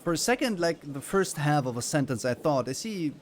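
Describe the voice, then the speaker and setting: A man's voice: a little high, expressive. A man streaming a game and musing in casual commentary. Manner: musing, unhurried.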